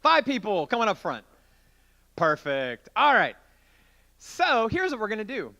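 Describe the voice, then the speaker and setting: Man, youth pastor, playful sermon delivery, bright voice with a high, bouncy pitch. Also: unhurried, creaky. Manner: playful, joking, animated with volunteers. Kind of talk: interactive youth group sermon.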